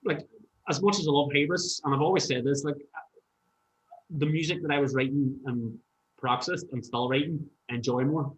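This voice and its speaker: A man's voice: on the high side, fairly even intonation, moderate pace. A man, a musician guest chatting casually and telling stories animatedly, swearing freely. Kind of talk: casual podcast chat. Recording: roomy, dull-sounding room.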